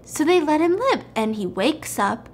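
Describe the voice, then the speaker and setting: A woman with a high, bright voice retells a movie plot in a loose, chatty way. She acts out each line of dialogue and keeps checking in with her listener. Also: a little slow, slight background noise. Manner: animated, chatty, acts out quotes. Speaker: host. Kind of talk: casual storytelling of a movie plot.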